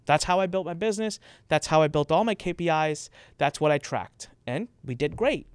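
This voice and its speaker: A man talks casually straight to camera about marketing compliance, slightly high-pitched with a smooth, resonant tone. He is emphatic and slips into quoted voices to make his points. The sound is dry and close. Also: lively intonation, normal speed, no room sound. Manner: emphatic, acts out quoted speakers with raised pitch. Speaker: host explaining marketing compliance. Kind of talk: casual explanatory talk to camera.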